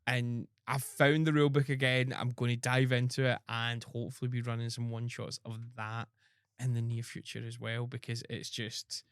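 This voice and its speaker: A man's voice: medium pitch, little pitch movement, moderate pace, a bit bright, smooth, no echo, studio quality. A man hosting a podcast, rambling with lots of ums and restarts. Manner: rambling, many fillers and restarts. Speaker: podcast host. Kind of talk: casual chat.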